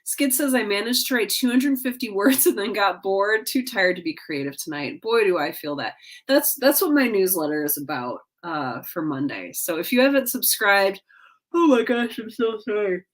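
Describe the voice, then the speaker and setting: A woman's voice: mid-range voice, lively intonation, normal speed. A tired woman hosting a casual livestream from home, yawning between comments she reads aloud and cheering on viewers. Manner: yawning, drowsy, upbeat and encouraging. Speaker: livestream host.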